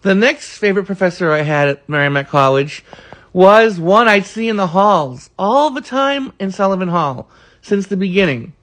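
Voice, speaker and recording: A man's voice: high-pitched, lively intonation, moderate pace, fairly bright tone. A man, earnestly recalling college days in a rambling monologue full of fillers. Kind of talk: casual reminiscing monologue.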